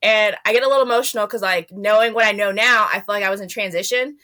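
Woman interview guest, bright tone, lively storyteller who acts out her own quotes. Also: medium pitch, quick pace. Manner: animated, reenacts her own past remarks in a raised voice. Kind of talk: personal storytelling.

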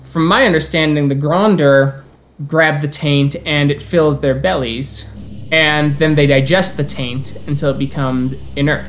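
A man runs a tabletop role-playing game as storyteller, narrating the scene and speaking for its characters. He talks with frequent halting restarts. Faint music sits behind him. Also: on the high side, fairly even intonation. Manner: plays many characters in quick turns, with halting restarts.

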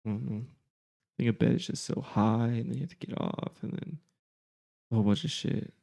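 A man's voice: mid-range voice, steady tone, fairly quick, creaky, dark tone. A young man in a casual chat, joking in a laid-back way and swearing.

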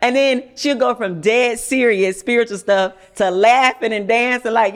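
A woman host with tells a personal story in relaxed podcast talk. She is animated and keeps slipping into the voices of the people she quotes. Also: on the high side, normal speed, hardly any pauses. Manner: animated, acts out quotes with shifting voice. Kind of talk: casual storytelling chat.

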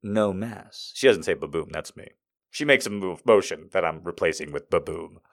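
A man's voice: deep voice, animated, a little fast, gravelly. A man doing stand-up, telling a story with profanity and exasperation and acting out the people in it. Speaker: stand-up comedian.

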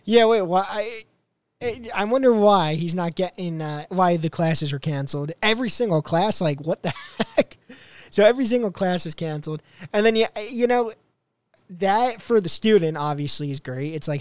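A young man hosts his podcast in a rambling, casual way, reacting to clips with plenty of "like" and "you know." His voice is fairly high for a man and smooth, and it sits close and dry with no room around it. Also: moderate pace, no room sound. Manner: rambling, filler-heavy. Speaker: podcast host.

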